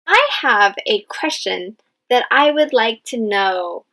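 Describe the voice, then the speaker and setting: A woman English teacher leading a dictation lesson, speaking patiently and spelling out each word clearly. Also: a little high, lively intonation, takes it slowly, bright, forceful tone, poor audio. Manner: patient, enunciates each word, stresses key words. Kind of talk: slow, clear classroom dictation.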